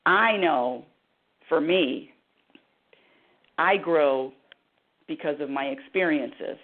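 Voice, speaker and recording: A woman radio host and happiness coach with a deep voice speaks slowly, passionately telling a personal story and acting out dialogue in a talk radio monologue. The sound is tinny, like a phone line.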